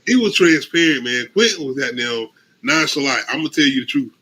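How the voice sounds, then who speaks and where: A man co-hosting a casual talk show, telling stories with animated acted-out quotes and frequent laughter. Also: mid-range voice, fairly quick, breathy edge, low-quality recording. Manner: animated storytelling, acts out quotes, laughs often. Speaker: podcast co-host. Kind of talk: casual chat.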